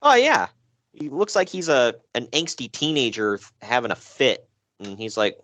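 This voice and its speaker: A man's voice: medium pitch, big pitch swings, moderate pace, fairly bright tone, no echo. A man hosting a casual podcast, reading out wrestling news with jokes and frequent laughs. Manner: jokey, self-deprecating, laughs often. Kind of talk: casual chat.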